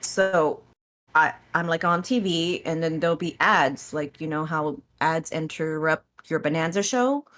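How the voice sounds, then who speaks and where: A woman guest on a podcast, telling stories about streaming in a casual, animated way, acting out her own reactions and laughing often. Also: low voice, a little slow. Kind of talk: casual interview chat.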